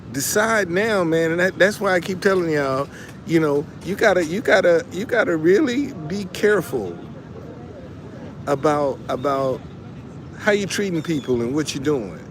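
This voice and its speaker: A man's voice: high-pitched, slight background noise. Man preaching casually outdoors. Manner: preachy, repeats phrases, frequent restarts. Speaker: online commentator. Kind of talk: casual motivational livestream talk.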